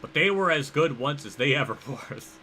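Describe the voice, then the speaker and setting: A young man livestreaming a racing game, rambling and thinking aloud as he reacts loudly to the action on track. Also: fairly high pitch, animated, normal speed, a little hiss or hum. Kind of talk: live gameplay commentary.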